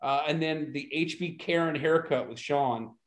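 A man's voice: on the high side, moderate pace. A man co-hosting a podcast, recapping an old wrestling event in a casual, enthusiastic way. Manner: enthusiastic, laid-back recapping. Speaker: podcast co-host. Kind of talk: casual chat reviewing wrestling.

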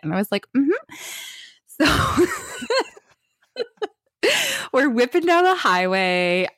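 A woman's voice: a little high, takes it slowly, long pauses, no room sound, clean studio sound. A woman co-hosting a casual chat, telling a story with lots of laughter and acted-out quotes. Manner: animated storyteller who acts out quotes and laughs often.

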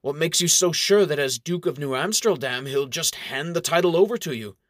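A man's voice: a little high, brisk, a bit bright, no echo, clean studio sound, pitched above the performer's own voice, close to an everyday voice. A man reading the part of a cautious knight who questions his lord's plans. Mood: wary questioning. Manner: questioning, wary. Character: cautious doubting male knight advisor. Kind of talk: audiobook character reading.

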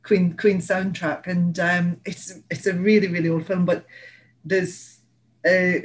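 Slow and level in tone, a low-voiced podcast co-host from England's Northeast meanders through her stories in a casual chat, laughing and using plenty of fillers. The recording quality is rough.

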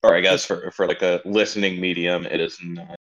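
Very deep-voiced laid-back man. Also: flat delivery, a little fast, a bit bright. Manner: laid-back, swears casually. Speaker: podcast co-host. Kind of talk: casual podcast chat. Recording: muffled lo-fi mic.

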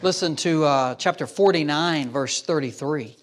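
Emphatic high-voiced preacher man. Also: a little slow. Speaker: pastor. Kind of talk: sermon.

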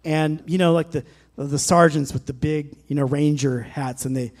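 A middle-aged male pastor preaching with fervor, his voice sitting a little higher than most men's. He swells louder on scripture and urgent calls to faith, then drops back to easy, conversational asides. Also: steady tone, moderate pace. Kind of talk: sermon.

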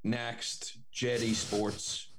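A man's voice: mid-range voice, level tone, drawn-out words, fairly bright tone. Young guy rambling through a story, swears a lot, casual chat.

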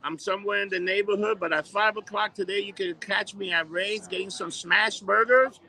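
A man's voice: sits high, steady tone, moderate pace, pushed and bright, poor audio. A middle-aged man co-hosting a casual chat, crude and ranting, swearing a lot.

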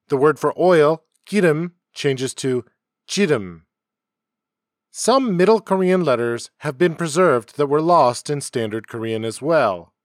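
A man hosting a homemade educational podcast, reading a scripted narration at a measured pace. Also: on the high side, no room sound, studio quality. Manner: measured, explanatory delivery. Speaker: podcast host. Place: home setup, dry sound.

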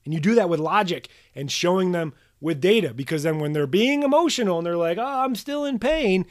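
In a solo podcast monologue, a man with a slightly high voice coaches manual therapy practitioners, pushing them to do better. He's blunt and punchy, swears without a second thought and drills his points home emphatically through repetition.

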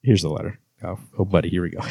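A man's voice: deep voice, lively intonation, a little fast, gravelly, darkish tone, husky, no room sound, studio quality. A man co-hosting a casual book club podcast, retelling scenes and reading passages aloud with many fillers. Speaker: podcast co-host.

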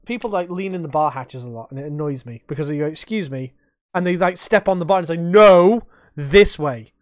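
A young man, hosting a casual podcast chat and telling animated stories that he acts out and laces with swearing. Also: fairly high pitch, quick pace, no room sound, studio quality. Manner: animated storytelling, swearing, acting out quotes. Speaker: podcast host.

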